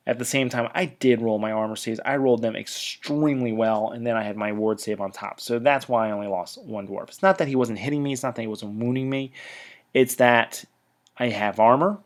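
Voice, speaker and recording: A man's voice: fairly low pitch, steady tone, a little slow. Chatty man recapping a tabletop battle. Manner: chatty, with stop-start bursts and trailing asides. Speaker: tabletop wargame battle reporter. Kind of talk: casual battle report recap.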